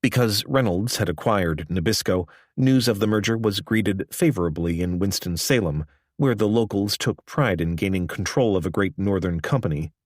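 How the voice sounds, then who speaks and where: Male narrator, measured audiobook reading, low voice, dry close sound. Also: dry recording.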